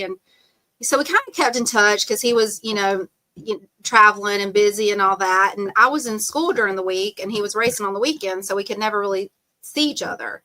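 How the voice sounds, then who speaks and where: A middle-aged woman with a bright, clear tone tells a long personal story on a podcast. She rambles loosely, fills pauses with "um" and "like" and laughs easily. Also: medium pitch. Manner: chatty, rambling, full of "um" and "like", laughs often. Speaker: podcast guest. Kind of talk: casual storytelling interview.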